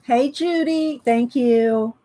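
A woman hosts a casual livestream from her home art studio, greeting viewers by name and rambling with fillers. Her voice is fairly high, mellow and slow.

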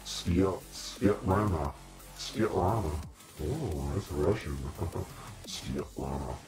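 A man's voice: sits low, drawn-out words, music in the background. A middle-aged man, hosting a casual live stream chat, joking and rambling and laughing often.

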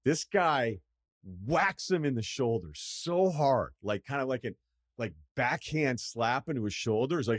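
A man's voice: medium pitch, lively intonation, unhurried, no room sound, clean studio sound. A middle-aged man hosting a podcast, telling a rambling, profane, self-deprecating story in casual chat. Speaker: podcast host.

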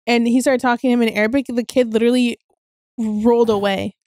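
A young woman cohosting a casual podcast chat, teasing the others bluntly. Her voice sits a little high, dry and close to the mic. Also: fairly even intonation, fast, darkish tone, no room sound.

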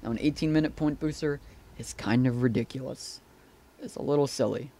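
A man's voice: mid-range voice, a little fast, warm tone. A man giving casual, profane commentary over a replay of his own game. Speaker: gameplay commentator.

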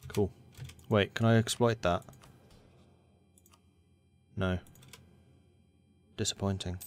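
A man's voice: lowish voice, fairly even intonation, slow, long pauses. A man commentating a strategy game, thinking aloud and talking to the game's factions as he plays. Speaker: gaming channel host.

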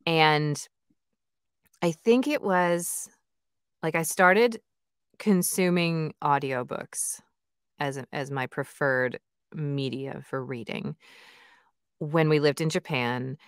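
This low-voiced woman speaks slowly, leaving long pauses, and her tone is clean against a studio recording with no room sound. She's an audiobook narrator and author being interviewed casually, and she comes across as chatty and eager, peppering her answers with "like" and "you know."

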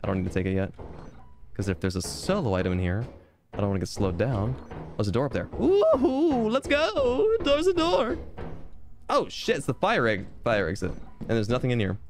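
A man's voice: lowish voice, fast, background noise. A man streaming a game, rambling through casual commentary with playful, self-mocking jokes, with piano game music behind him.

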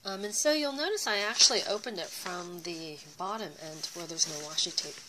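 A woman's voice: fairly low pitch, a little fast, background noise. A young woman casually chatting to her viewers as she unboxes handmade craft gifts, full of fillers and gushing over the details. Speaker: craft YouTuber.

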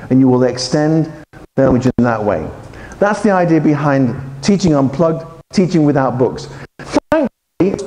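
A man giving a lively, joking conference talk to teachers and quizzing the audience as he goes. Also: fairly high pitch. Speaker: conference speaker. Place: large conference hall. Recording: echoey hall with faint ambience.

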